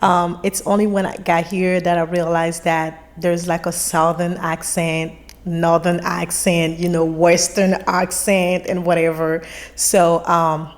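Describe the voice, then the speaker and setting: A woman in her thirties from Ivory Coast, a native French speaker, telling stories as a guest in a casual interview. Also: fairly low pitch. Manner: animated storyteller, laughs while acting out exchanges.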